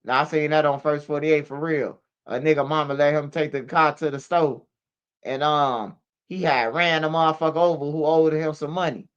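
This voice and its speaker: A man's voice: on the high side, fairly even intonation, moderate pace, fairly bright tone, smooth, dull audio. A man hosting a casual street news commentary stream, slangy and emphatic, ending lines with "bro" and "man". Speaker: commentary channel host. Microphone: streaming setup microphone.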